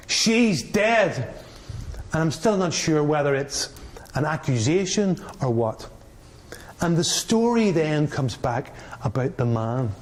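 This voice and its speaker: A middle-aged man speaks as a mediator giving a public talk. He tells a personal story in a candid, wry way with dry humour. His voice sits a little higher than most men's. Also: darkish tone.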